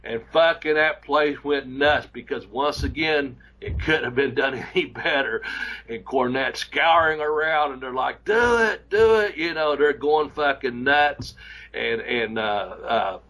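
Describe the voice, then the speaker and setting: A man tells a story in a loose, rambling, profanity-laced way, piling up restarts and asides as he goes. His voice sits at an ordinary middle pitch for a man, and he acts out the people in his story as he talks. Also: unhurried, bright, forceful tone, poor audio. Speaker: podcast host and former wrestler. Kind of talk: casual storytelling chat.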